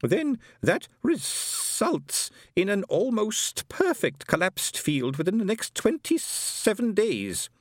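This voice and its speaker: A man voicing a curious, thoughtful male alien scholar who speaks slowly and carefully. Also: high voice, very animated, no echo, clean studio sound, pitched above the performer's own voice, heavily acted. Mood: eager. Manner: slow, lifted and careful.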